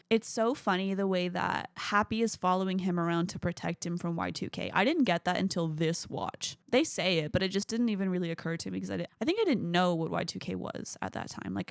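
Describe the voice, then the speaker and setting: A woman's voice: mid-range voice, gravelly, no echo, clean studio sound. A young adult woman hosting a podcast, chatting frankly and casually about a film, swearing freely. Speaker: podcast host.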